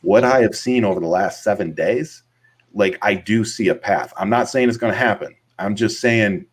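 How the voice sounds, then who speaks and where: A man's voice: fairly low pitch, moderate pace, husky. A man co-hosting a casual political chat show, talking earnestly and rambling with many fillers. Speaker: podcast co-host.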